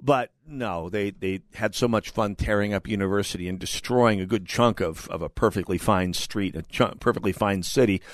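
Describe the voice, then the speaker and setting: A man's voice: lowish voice, moderate pace, few pauses, no echo. A man hosting a talk radio show, giving opinionated commentary with emphatic, sarcastic delivery and indignant outbursts into a studio mic.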